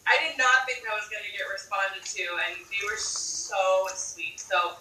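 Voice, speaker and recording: A woman's voice: medium pitch, normal speed, sharp tone. A woman co-hosting a casual chat, gushing and full of fillers. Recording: echoey room, off-mic, crowd noise.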